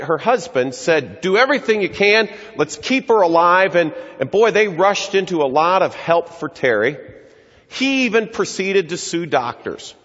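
Middle-aged male speaker, husky and earnest, live talk in a reverberant hall, lo-fi. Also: on the high side, a bit bright. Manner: earnest, acts out quoted voices. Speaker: speaker addressing an audience. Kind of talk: public talk, storytelling. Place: large hall before an audience. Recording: echoey hall, dull lo-fi sound.

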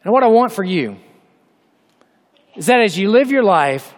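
High-voiced man preaching in a hall. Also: big pitch swings. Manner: reads scripture aloud with emphatic, drawn-out delivery. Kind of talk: sermon. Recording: long hall reverb.

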